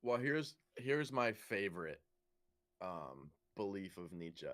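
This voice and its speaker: A man's voice: low-pitched, big pitch swings, slow, a bit bright. A young man co-hosting a casual comedy podcast, laid-back and joking crudely. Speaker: podcast co-host.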